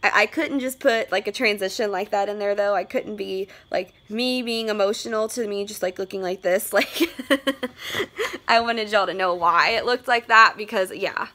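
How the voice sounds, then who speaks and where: Chatty young woman, bright voice. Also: mid-range voice, moderate pace. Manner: rambling, chatty, lots of "like". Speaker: vlogger. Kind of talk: casual vlog chat. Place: her room at home.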